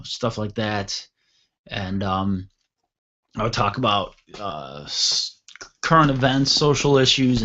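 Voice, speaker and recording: A man's voice: mid-range voice, a bit bright, muffled recording. A man hosting a radio talk show, telling a long anecdote in a blunt, rambling, casually profane way. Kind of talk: casual storytelling chat.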